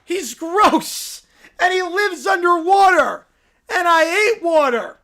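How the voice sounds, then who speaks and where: A man voicing a spoiled, self-centered little boy who whines and shouts in a panic. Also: very high-pitched, animated, slow, voice pushed up, heavily acted. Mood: whining.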